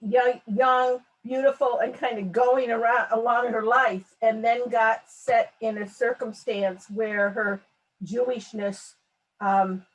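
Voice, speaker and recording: A woman's voice: on the high side, fairly even intonation, slow pace. A woman taking part in a class discussion, speaking in a hesitant, thoughtful way. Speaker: class participant. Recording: distant, dull and lo-fi.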